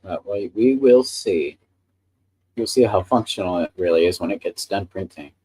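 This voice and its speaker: Man, live stream host, low voice, mellow tone, chatty and enthusiastic. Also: moderate pace, breathy edge. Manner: chatty, enthusiastic about 3D printing. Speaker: livestream host. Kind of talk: casual live stream chat.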